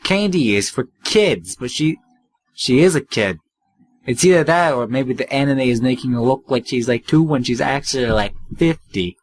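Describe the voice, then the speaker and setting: A man's voice: mid-range voice, animated, normal speed, slight background noise. A man hosting a let's play, reading the story text aloud with wry, offhand asides.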